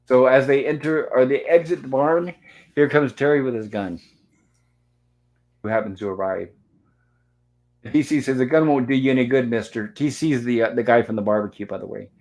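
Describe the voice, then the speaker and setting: Male host, mid pitch, narrates a movie review scene by scene. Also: normal speed, pauses often, darkish tone. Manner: retells scenes step by step, reads lines aloud.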